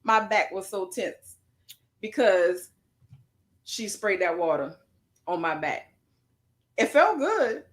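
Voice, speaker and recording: A woman co-hosting a casual chat show, telling a story in an animated, playful way. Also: mid-range voice, slow pace, long pauses. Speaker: podcast co-host.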